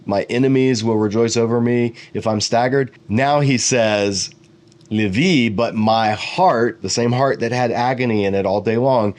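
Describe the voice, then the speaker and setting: A middle-aged man teaching Bible commentary, explaining Hebrew words and reading translations aloud with quick asides. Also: medium pitch, darkish tone.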